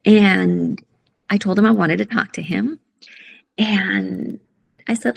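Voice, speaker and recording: A middle-aged woman telling a personal story in an interview, soft-spoken, halting and emotional. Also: medium pitch, creaky, husky. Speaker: guest, coach.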